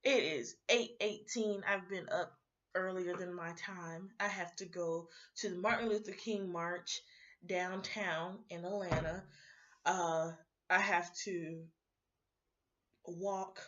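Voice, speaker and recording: A young adult woman vlogger in a rambling, animated casual rant, sounding sleepy. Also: lowish voice, slow, dull audio.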